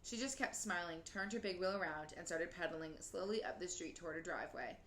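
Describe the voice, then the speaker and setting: A woman's voice: fairly low pitch, fairly quick, fairly bright tone. Woman reading a storybook in a roomy space. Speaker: reader. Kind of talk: reading a children's novel aloud. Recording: roomy with faint noise.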